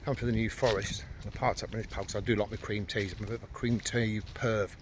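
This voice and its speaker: A man's voice: on the low side, fairly even intonation, quick pace, noisy background. Sweary man rambling outdoors. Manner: sweary, blunt, rambling storyteller. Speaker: vlogger. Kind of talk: casual outdoor vlog rant. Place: outdoors by a river towpath.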